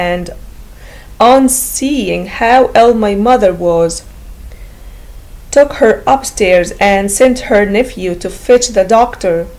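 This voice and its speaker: Slow, careful woman narrating a story. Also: medium pitch, darkish tone, low-quality recording. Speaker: audiobook narrator.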